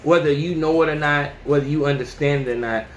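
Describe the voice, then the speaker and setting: A man hosting a podcast, ranting casually and with plenty of profanity, who often jumps into high yelling voices to mimic people. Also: fairly even intonation, a little fast, reverberant, lo-fi sound, slight background noise. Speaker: podcast host. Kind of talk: casual opinion rant.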